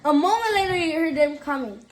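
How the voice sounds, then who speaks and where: A woman reads a children's storybook aloud in a casual way, now and then stumbling over a word. Her voice sits high, with a faint hiss of background noise. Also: lively intonation, a little fast, poor audio. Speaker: reader. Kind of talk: reading a children's book aloud.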